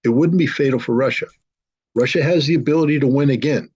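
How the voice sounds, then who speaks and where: A man giving forceful, indignant political commentary as a guest in an online interview. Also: medium pitch, fast talker, husky, no room sound, highs cut off.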